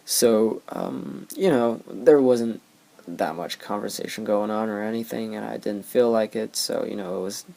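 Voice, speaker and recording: A man's voice: lowish voice, a little slow, creaky, dark tone. A young man hosting a casual podcast, telling rambling anecdotes with many fillers. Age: young adult. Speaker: podcast host.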